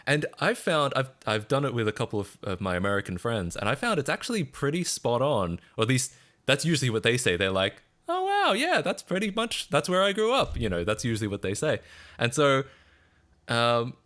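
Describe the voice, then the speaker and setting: A man's voice: mid-range voice, expressive, brisk, a bit bright. A man with an Australian accent chatting casually on a live stream, rambling and self-deprecating with frequent chuckles.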